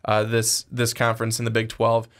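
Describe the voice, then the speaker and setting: A man co-hosting a casual sports podcast, talking in rambling, halting runs and restarting his sentences. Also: fairly low pitch, completely flat delivery, a bit bright. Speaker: podcast co-host.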